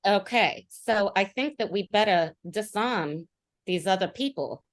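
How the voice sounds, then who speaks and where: Brief: woman player, mid pitch, hesitant, tabletop game. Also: lively intonation, a little slow. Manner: tentative, thinking aloud. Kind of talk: online tabletop role-play.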